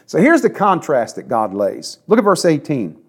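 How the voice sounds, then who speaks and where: A man with a fairly high voice delivering a sermon. He preaches earnestly and conversationally, stacking repeated phrases for emphasis. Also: huge pitch swings, normal speed, breathy edge. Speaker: pastor.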